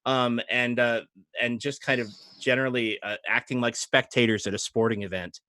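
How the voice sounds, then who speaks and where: Man narrating a tabletop game, relaxed and rambling, uh and um throughout, dry sound. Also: medium pitch, moderate pace, no echo. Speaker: game master.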